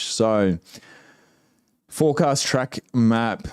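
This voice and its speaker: A man's voice: medium pitch, moderate pace, a little mellow, clear, resonant tone, no room sound, clean studio sound. An Australian man hosting a casual livestream, easygoing and chatty, greeting viewers by name as he reads the chat aloud. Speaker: livestream host.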